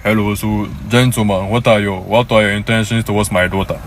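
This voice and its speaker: A man's voice: mid-range voice, steady tone, a little hiss or hum, pitched below the performer's own voice, lightly acted. A man voicing a stern older father who questions his daughter's date in a put-on accent, firing off blunt questions. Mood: interrogating. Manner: blunt, rapid-fire questioning.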